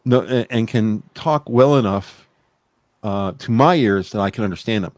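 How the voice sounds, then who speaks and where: A man's voice: on the low side, normal speed, a little mellow, no room sound, studio quality. A man co-hosting a podcast in casual chat, rambling and blunt, swearing freely. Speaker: podcast co-host.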